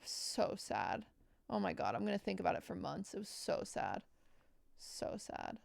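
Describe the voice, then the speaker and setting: A woman's voice: mid-range voice, big pitch swings, a little slow, vocal fry. A woman streamer chatting casually and jokingly with her live chat, thanking subscribers as she goes.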